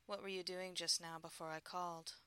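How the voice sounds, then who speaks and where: A woman reading the lines of a playful adult husband teasing his wife over the phone, in a low murmur. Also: little pitch movement, a little fast, sharp tone, clear, resonant tone, no echo.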